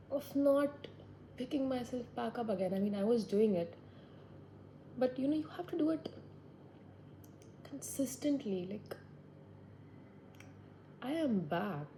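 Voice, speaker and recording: A woman's voice: medium pitch, dark tone, a little hiss or hum, rough recording. A woman in her twenties, talking to herself in a reflective, rambling way as she sits indoors by a window. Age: 20s. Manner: musing, rambling, talks to herself. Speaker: vlogger. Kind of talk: reflective solo monologue.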